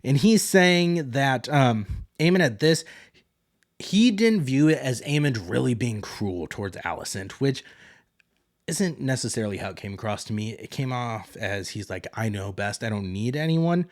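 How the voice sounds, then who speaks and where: A man's voice: mid-range voice, animated, normal speed, no room sound, clean studio sound. A man hosting a solo podcast, recapping a TV episode in a casual, rambling way. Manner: casual, rambling, paraphrases characters in loose quotes. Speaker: podcast host.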